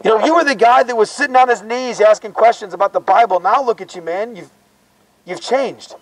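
A man's voice: sits high, fast talker, a crowd in the background, rough recording. A man preaching fervently out of doors on a college campus, urging listeners to repent in an urgent, exhorting way. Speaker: street preacher. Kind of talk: open-air preaching.

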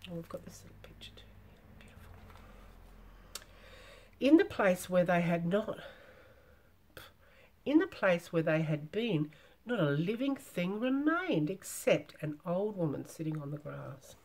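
A woman softly reading an old storybook aloud in a whispered role-play, with gentle whispered asides. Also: lowish voice, very animated, unhurried, pauses often. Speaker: storybook reader.

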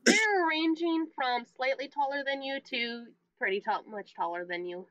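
A woman's voice: high voice, animated, moderate pace, fairly bright tone, dry recording. Woman game master, offhand narration, lo-fi dry recording. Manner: casual, describing scenes offhand. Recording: dry, dull lo-fi mic.

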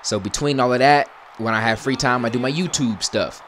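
A young man giving casual video game commentary, talking easily to his viewers and breaking into loud, frustrated shouts at the game. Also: medium pitch, brisk, slight background noise. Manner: chatty, bursts into loud frustrated yelling at the game. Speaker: gaming YouTuber.

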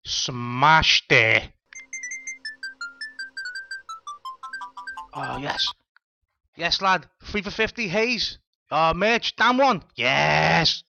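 A man's voice: a little high, expressive, very slow, creaky, bright, forceful tone, dry recording, faint music behind, exaggerated voice. A man dubbing a brash, sweary young male golfer in a comedy voiceover. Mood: cheering. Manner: cocky, sweary, mouthy. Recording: dull lo-fi dry dub.

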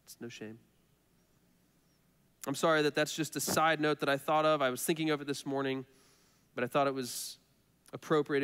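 A man's voice: medium pitch, fairly bright tone, clean tone. A man preaching a sermon as pastor, earnest and conversational, repeating phrases for emphasis. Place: church sanctuary. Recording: reverberant church hall.

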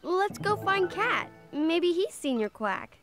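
A kind little bear cub from a children's cartoon. The voice is high and expressive, and the cub speaks slowly and warmly to friends. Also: female voice, over music, full character voice. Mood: friendly. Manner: friendly, curious. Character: gentle curious young bear cub, kind.

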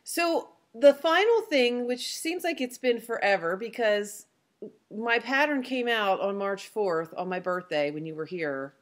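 A woman's voice: a little high, unhurried. A woman co-hosting a knitting podcast, chatting casually and announcing giveaway winners in an upbeat way. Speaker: podcast co-host.

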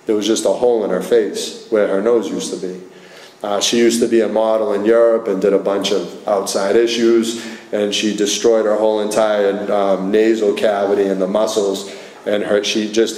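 A man's voice: fairly low pitch, level tone, moderate pace, a little mellow. A man from Massachusetts, telling his personal recovery story to a meeting, with lots of fillers and quoted dialogue. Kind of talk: personal recovery talk to an audience. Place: meeting hall. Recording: echoey room.

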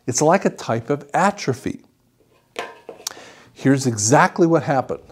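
Animated man telling a patient story. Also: mid-range voice, measured pace, a little hiss or hum. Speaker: audiologist. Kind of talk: explaining a patient case.

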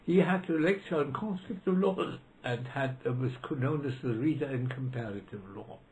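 Man in his nineties, hesitant reminiscing with fillers, mid pitch, faint hiss. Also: moderate pace, darkish tone, rough recording. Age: 90s. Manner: hesitant, with many fillers and restarts. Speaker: interviewee, retired law professor. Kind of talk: reminiscing interview. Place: library room.

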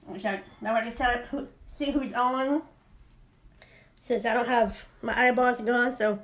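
A woman's voice: fairly high pitch, fairly even intonation, unhurried, fairly bright tone. A woman chatting playfully on a live stream while selling jewelry. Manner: playful, sing-song, chatty and rambling. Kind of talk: casual live-stream chat.

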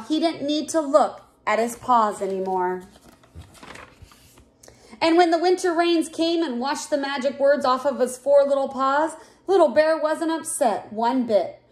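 High-voiced woman reading a storybook. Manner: clear, expressive read-aloud. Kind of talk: reading a picture book aloud.

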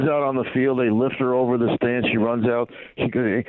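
A man's voice: medium pitch, fairly even intonation, brisk, hardly any pauses, dry recording. A man, a former baseball team PR manager, telling anecdotes as a guest in a phone interview, rambling and full of "you know" fillers. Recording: tinny dry phone line.

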